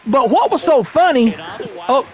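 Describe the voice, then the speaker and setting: A man with a strikingly high speaking voice tells a story from his school days while he plays. He rambles, repeats phrases and restarts sentences in a loose, casual stream. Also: animated, a little slow.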